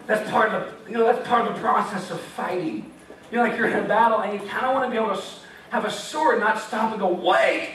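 A man's voice: sits high, quick pace, a little hiss or hum. A young man giving a casual, joking sermon with scripture reading, acting out voices as he tells the story. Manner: animated, jokey, acts out voices of God and Gideon. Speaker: campus ministry speaker. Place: meeting hall. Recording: echoey hall, from far off.

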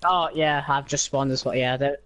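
A man with a worn-out voice, chatting calmly while playing a shooter game. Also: medium pitch, moderate pace, very noisy. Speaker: gamer. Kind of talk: gameplay chat.

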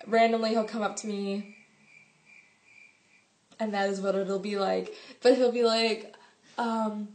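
A teenage girl telling a story to her viewers in a chatty vlog, full of "like" and "um" and quick giggles. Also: medium pitch. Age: teens. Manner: chatty, filler-heavy, giggly. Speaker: vlogger.

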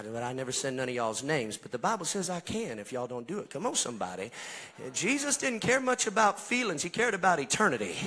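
A man's voice: mid-range voice, bright, forceful tone. A male pastor, preaching in a church in a folksy way and calling out to his congregation. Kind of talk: Pentecostal-style preaching to a congregation. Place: church sanctuary.

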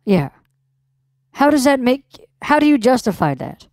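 A woman's voice: on the high side, big pitch swings, a little slow, darkish tone, no room sound, studio quality. A woman posing as a customer on a prank call, confrontational and demanding, swearing when annoyed. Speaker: scam baiter posing as a customer.

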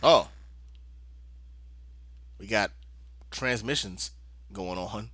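On a dry recording, a young man with a lowish voice stretches out his words, sounding pushed and bright as he casually comments on a video game. This talkative let's-play gamer mutters in exasperation to himself, drawling playfully over game music.

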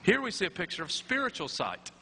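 A man's voice: high-pitched, wildly swooping pitch, a little fast, vocal fry, bright, forceful tone. A man preaching a sermon in a chapel, conversational, with tag questions and wry asides. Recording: echoey chapel with faint hum.

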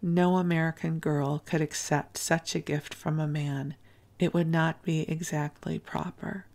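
A woman reading the lines of a kindly, proper older matron, in a gentle, soft-spoken way. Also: sits low, flat delivery, unhurried, vocal fry. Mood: firm.

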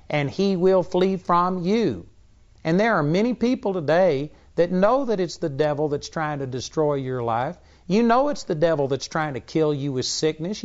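A man delivering a Bible-teaching sermon in a blunt, emphatic way, his voice pitched a little higher than most men's. The sound is dull and slightly lo-fi, like an older broadcast.

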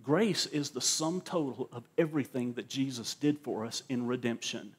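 Husky-voiced male pastor preaching emphatically. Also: medium pitch, moderate pace. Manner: emphatic preaching with frequent word repeats. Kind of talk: sermon. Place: church service.

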